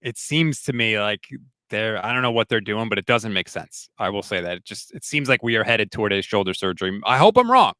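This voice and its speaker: A man's voice: on the low side, brisk, sharp tone, smooth, no room sound. A man co-hosting a casual sports talk show, wry in tone, reading news and comments. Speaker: podcast co-host.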